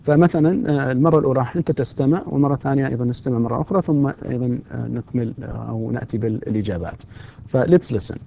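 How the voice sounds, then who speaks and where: A man's voice: medium pitch, very fast, creaky, warm tone, lo-fi sound, a little hiss or hum. A man whose first language is Arabic, giving a recorded university English lecture and patiently repeating example questions. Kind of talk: recorded distance-learning lecture.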